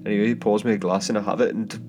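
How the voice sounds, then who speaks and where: A man's voice: lowish voice, steady tone, racing. A man hosting a solo podcast, telling a travel story in a rambling, casual way with lots of fillers, restarts and chuckling asides. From England. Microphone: home microphone. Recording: guitar bedding music under the voice. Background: soft guitar background music.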